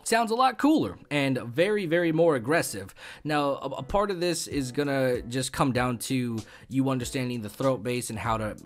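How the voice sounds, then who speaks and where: Rambling, swearing young male YouTuber. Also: mid-range voice. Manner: rambling and profane, with frequent stumbles and fillers. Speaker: YouTube gaming host. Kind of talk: casual tutorial.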